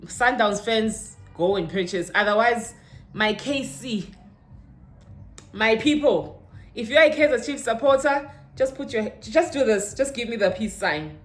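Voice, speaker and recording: A young South African woman with a Zulu-inflected accent, a vlogger chatting through a shopping haul and mixing in Zulu words, her pitch jumping up when she gets excited. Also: a little slow, faint music behind. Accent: South African, Zulu-inflected English. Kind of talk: casual haul unboxing chat. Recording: roomy echo with faint ambience.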